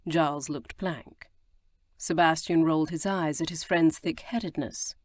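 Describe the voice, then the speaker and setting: A woman narrating a historical romance audiobook in measured storytelling. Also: deep voice, steady tone, dry recording. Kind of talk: scripted narration.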